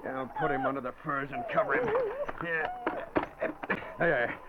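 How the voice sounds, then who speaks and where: An actor playing a ruthless male fur trapper who barks gruff orders, in 1940s radio acting style. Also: on the high side, wildly swooping pitch, normal speed, crowd noise. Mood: commanding. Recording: lo-fi old radio recording with faint hiss.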